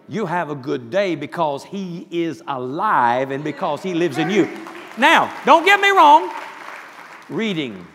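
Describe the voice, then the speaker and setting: A man preaching a sermon, emphatic, dropping to hushed asides and rising to shouts. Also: on the high side, big-room sound, slight background noise.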